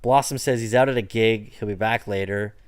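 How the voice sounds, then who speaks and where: A man's voice: on the low side, fairly quick, clean tone. A man co-hosting a podcast in easygoing casual chat, often agreeing and recapping. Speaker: podcast co-host.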